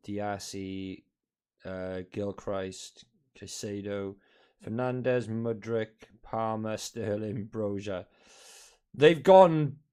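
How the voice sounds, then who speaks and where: A man's voice: fairly low pitch, warm tone. Chatty man hosting a football stream. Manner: chatty, swears casually, teases viewers. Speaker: football watch-along streamer. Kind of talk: casual live-stream chat. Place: at home by his television.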